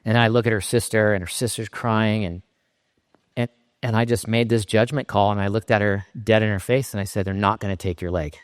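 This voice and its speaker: A middle-aged man from Southern California giving a keynote talk, telling a personal story in a halting, emotionally raw way with frequent restarts. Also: on the low side, fairly even intonation, clear, resonant tone. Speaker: keynote speaker. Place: conference stage in a large hall. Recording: reverberant hall sound.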